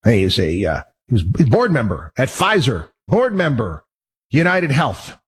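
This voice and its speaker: A husky, mid-range male voice with huge pitch swings and an unhurried pace belongs to a radio talk show host. Indignant and worked up, he delivers a casual, rambling monologue full of restarts and repeated words.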